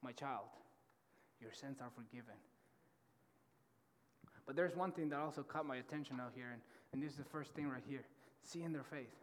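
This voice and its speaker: High-pitched guy preaching hard, keeps repeating himself, big echoey church hall. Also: quick pace, few pauses, a little hiss or hum. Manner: passionate, fervent preaching; repeats words and restarts often. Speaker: pastor. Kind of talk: sermon. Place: church auditorium.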